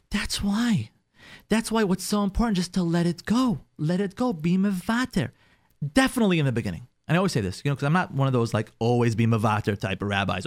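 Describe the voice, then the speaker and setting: Animated man giving marriage advice. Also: sits high, dry recording, studio quality. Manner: animated, acts out spouses' complaints in quoted voices. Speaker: rabbi and marriage advisor. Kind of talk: radio-style advice talk.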